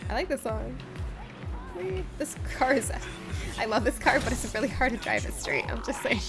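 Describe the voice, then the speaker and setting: A woman's voice: fairly high pitch, wildly swooping pitch, moderate pace, over music. A woman giving live gameplay commentary as a streamer, joking with her viewers in a playful, laughing way. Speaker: game streamer.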